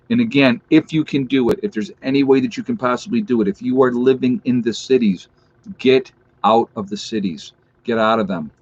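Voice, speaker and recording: A man hosting a casual livestream. He reads out where his viewers are tuning in from, then earnestly urges them to get ready. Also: mid-range voice. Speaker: livestream host. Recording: dull lo-fi stream audio.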